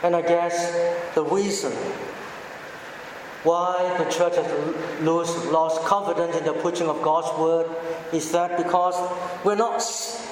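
A man preaching a sermon with a measured, emphatic delivery and deliberate pauses, recorded in a church. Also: on the high side, fairly even intonation, a little hiss or hum. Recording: echoey hall, heard from a distance.

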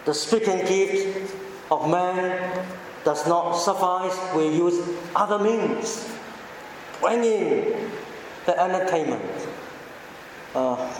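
A man preaching a sermon with a measured, emphatic delivery and deliberate pauses, recorded in a church. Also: sits high, a little hiss or hum. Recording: echoey hall, heard from a distance.

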